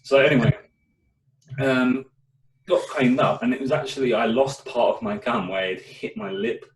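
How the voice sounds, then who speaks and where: A man's voice: mid-range voice, moderate pace, distant mic, a little hiss or hum. A young man, co-hosting a casual chat show and telling a story with lots of swearing. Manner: swears a lot, animated storytelling. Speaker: podcast co-host. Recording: echoey room, away from the mic.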